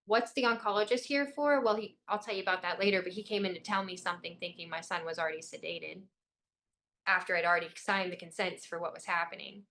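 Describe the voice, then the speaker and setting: A woman's voice: on the low side, steady tone, fast, fairly bright tone, a little hiss or hum. A young woman from Illinois, a guest in an interview, giving an urgent, intense personal account.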